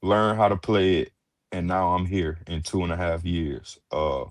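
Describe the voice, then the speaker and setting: Low-voiced easygoing man. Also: fairly even intonation, unhurried, dry recording. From Houston. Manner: easygoing, many restarts and "uh"s, polite "yes, ma'am". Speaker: musician guest. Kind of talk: casual interview chat.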